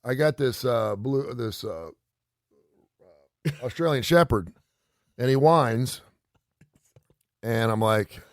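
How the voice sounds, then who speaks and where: A man's voice: mid-range voice, expressive, takes it slowly, long pauses, dry recording, studio quality. A middle-aged man hosting a radio show, casually telling a long rambling story and acting out the quotes. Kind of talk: casual chat.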